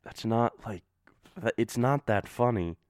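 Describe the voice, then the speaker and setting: A man's voice: fairly low pitch, a little slow, a little mellow, dry recording, studio quality. A man reading fan fiction aloud, breaking off for sarcastic, swearing asides. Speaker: reader.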